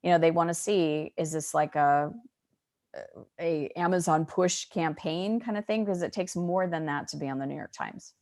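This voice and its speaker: Interview guest, middle-aged woman, low voice, dry close sound, chatty and upbeat. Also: moderate pace, a little mellow, no echo. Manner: chatty, upbeat, many fillers like "you know". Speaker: author and guest. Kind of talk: casual interview.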